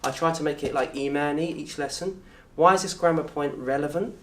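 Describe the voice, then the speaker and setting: A man with a southern English accent teaching an Arabic course in a lecture room. He talks in a lively way, quizzes the audience and acts out little scenes. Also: a little high, a little fast. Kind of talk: lecture to an open day audience. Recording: roomy echo from a distant mic.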